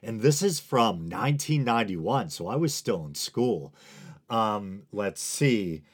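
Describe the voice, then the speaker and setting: A man's voice: on the low side, sing-song, slow pace, husky. A man in his forties from the United States hosting a solo podcast, talking in a wry, digressive way and chuckling at his own asides. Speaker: podcast host.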